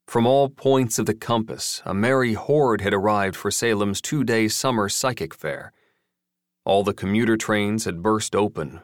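A man narrating an audiobook in a measured, wry storytelling manner. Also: on the low side, no echo, clean studio sound.

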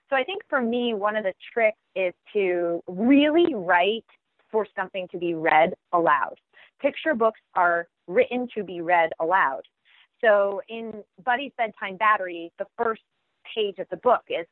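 A woman who writes children's books, answering interview questions in an animated way and acting out children's voices as she tells it. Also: medium pitch, moderate pace, no echo. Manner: animated, acts out children's voices while telling. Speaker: children's book author. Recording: tinny phone line.

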